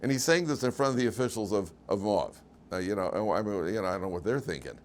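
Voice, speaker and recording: A man's voice: fairly low pitch, expressive, quick pace, slight background noise. A man teaching a weekly class as rabbi, speaking conversationally with humor and quizzing his students in a classroom. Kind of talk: informal lecture.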